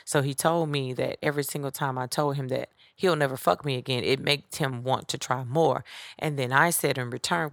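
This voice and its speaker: Low gravelly woman, blunt and sassy. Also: moderate pace, pushed and bright, no echo, clean studio sound. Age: adult with children. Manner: blunt, profane and candid; sassy, speaks straight to listeners. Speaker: podcast host. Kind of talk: casual storytelling monologue.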